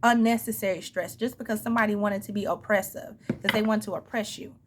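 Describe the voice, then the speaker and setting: A woman giving a casual tarot reading, talking back emphatically at an imagined person with sudden high-pitched outbursts. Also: steady tone, fast talker, noisy background. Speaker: tarot reader.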